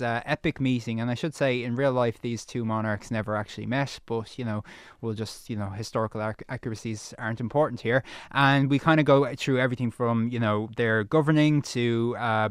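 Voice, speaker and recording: A man's voice: medium pitch, clear, resonant tone, dry recording, studio quality. A man giving a chatty film review on the radio, with many ums and asides.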